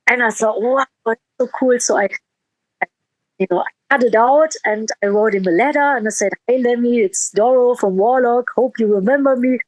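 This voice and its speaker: A woman's voice: on the high side, normal speed, a little mellow, no room sound, rough recording. A woman musician in a casual interview, telling a heartfelt story with quoted dialogue and frequent restarts.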